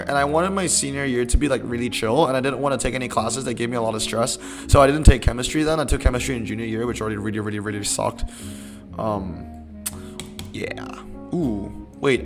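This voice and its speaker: A man's voice: mid-range voice, creaky. Laid-back young male game streamer. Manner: rambling, laid-back, reads chat aloud. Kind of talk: casual live-stream chat.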